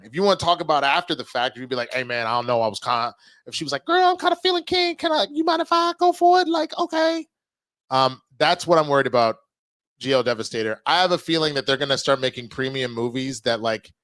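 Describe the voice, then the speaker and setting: A man streaming live, chatting casually with his viewers, reading their messages and reacting loudly to clips. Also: mid-range voice, no room sound. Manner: animated, reacts loudly to clips and reads chat.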